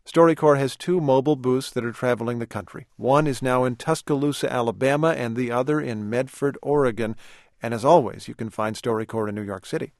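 A male radio host reading a scripted introduction in a measured, even delivery. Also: mid-range voice, no room sound, clean studio sound. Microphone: studio mic.

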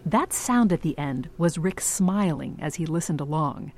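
A woman radio reporter narrating a scripted story in a measured, clear storytelling manner. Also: deep voice, animated.

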